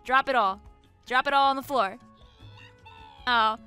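A young woman streaming a video game, chatting excitably, giggling and shrieking at the screen. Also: on the high side, measured pace, clean tone, faint music behind. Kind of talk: gameplay commentary.

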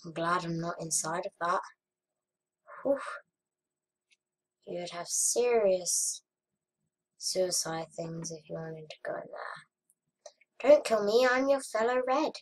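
A young woman chatting casually over her gameplay, murmuring to herself and then bursting into frustrated shouts. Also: lowish voice, takes it slowly, pauses often. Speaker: gaming vlogger. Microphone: webcam or desk mic.

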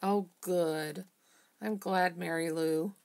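A woman's voice: on the low side, steady tone, slow, a little mellow. A middle-aged woman chatting casually with viewers while she crafts in her home art studio, greeting them by name. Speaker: craft vlogger.

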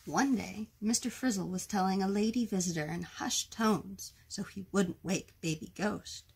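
A woman reading a children's picture book aloud in a gentle, expressive storytime manner. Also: mid-range voice, measured pace, gravelly, hardly any pauses, husky. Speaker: storytime reader.

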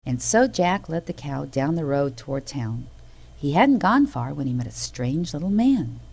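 Low, gravelly woman storyteller. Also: moderate pace, low-quality recording. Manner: expressive, animated reading. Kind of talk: children's storybook narration.

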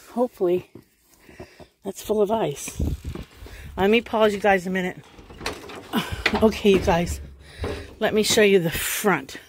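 A woman at an everyday middle pitch talks in a chatty, rambling way, filming herself on a handheld camera while she walks around outside. Faint background noise sits under her voice. She muses aloud more than she presents. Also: unhurried, long pauses. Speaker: vlogger. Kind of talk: casual walk-and-talk vlog. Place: outdoors in snow around her house.

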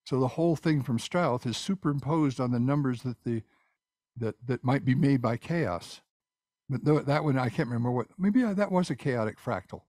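An older man, a composer, explaining his work and answering questions in a halting, rambling way with many restarts, over a video call. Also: medium pitch, animated, darkish tone, no echo, clean studio sound. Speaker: guest speaker, composer. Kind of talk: casual presentation and Q&A.

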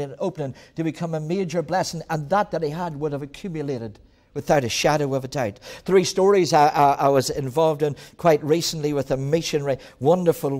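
A man preaching a sermon as pastor, telling stories with sudden swings from quiet to loud and frequent laughs. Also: on the high side. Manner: storytelling preacher with dramatic swings in loudness, laughs often.

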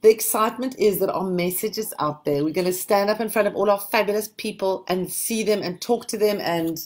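A woman's voice: mid-range voice, a little fast. A woman, a book mentor talking casually and encouragingly to a group of writers. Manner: reflective, encouraging, steady. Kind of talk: casual conversation to a writing group.

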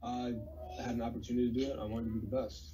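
A young man calling in for advice, answering in a hesitant, halting way. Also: mid-range voice, flat delivery, mellow, low-quality recording. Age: young adult. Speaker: caller.

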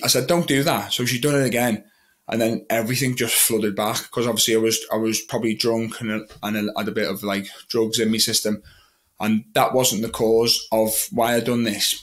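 A man's voice: mid-range voice, a bit bright. A young man, a magician talking about his own past as an interview guest, rambling a little and quoting his own thoughts. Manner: rambling, with many restarts and quoted thoughts. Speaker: guest, magician and mental health advocate. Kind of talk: candid personal storytelling in an interview.

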